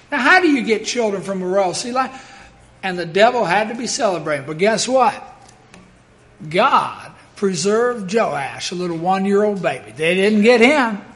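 A male preacher with a notably high voice for a man, preaching a sermon. He is dramatic and emphatic, rising to loud declarations and then dropping into hushed, solemn asides.

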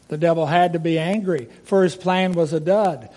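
A man's voice: a little high, normal speed, hardly any pauses, a little mellow. A man reciting a rhymed Bible story expressively, asking listeners direct questions.

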